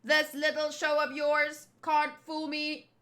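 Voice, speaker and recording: A woman's voice: high voice, completely flat delivery, slow pace, fairly bright tone. A woman doing a sneering villain henchman. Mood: taunting. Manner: taunting and scornful.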